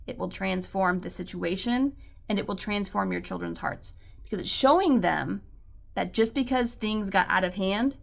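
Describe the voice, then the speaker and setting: Earnest woman with a gravelly edge. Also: medium pitch, fairly bright tone. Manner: earnest, reassuring, many likes and ums. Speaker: homeschool mom and channel host. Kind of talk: encouraging talk to camera.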